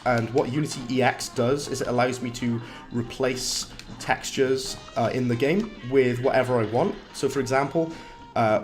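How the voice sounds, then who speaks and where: A man with a slightly hoarse voice, chatting casually while livestreaming a game, reading chat aloud and laughing often. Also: medium pitch. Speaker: livestreaming gamer. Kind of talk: casual live-stream commentary.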